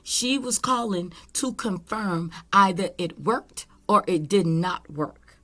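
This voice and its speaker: Woman tarot reader, unhurried and blunt, casual spiritual talk with cursing. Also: mid-range voice, animated, bright, forceful tone. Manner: blunt and candid, with swearing.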